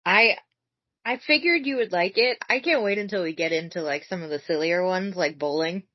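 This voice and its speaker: A woman's voice: on the low side, normal speed, dry recording. A woman co-hosting a podcast in casual chat, playful and teasing. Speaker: podcast co-host. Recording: dull dry lo-fi audio.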